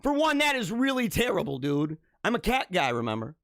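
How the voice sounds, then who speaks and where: Male stream host, lively up-and-down delivery, slightly high voice, rambling, casual, dry close sound. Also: a little fast, gravelly, no room sound. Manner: rambling, animated, laughs often. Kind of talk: casual live-stream commentary. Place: home basement studio with green screen.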